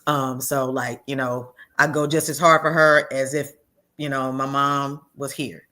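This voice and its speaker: A woman telling a heartfelt personal story as a guest, earnest and halting, often restarting and repeating words. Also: extremely low pitch, little pitch movement, sharp tone. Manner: acts out quoted voices of others in her story.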